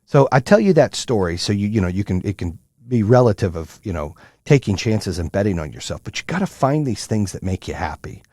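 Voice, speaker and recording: A middle-aged man hosting a solo motivational podcast, telling stories in a profane, animated way with lots of fillers. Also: on the low side, a little fast, hardly any pauses, husky, no echo, studio quality. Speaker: podcast host.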